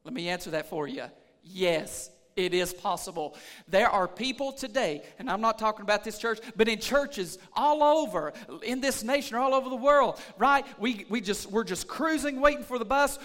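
A pastor delivers a sermon to his church in a strikingly high, bright man's voice. He moves from plain talk into loud, hollered preaching. The sound carries the long reverb of a large sanctuary. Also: moderate pace. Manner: preaching that builds from calm to shouting.

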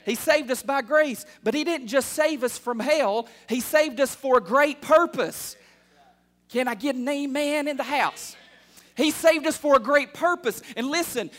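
A man in his thirties preaching a sermon as pastor, calling out for amens and building from quiet asides to fervent shouts. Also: extremely high pitch, moderate pace. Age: 30s. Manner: call-and-response preaching, building to loud fervor.

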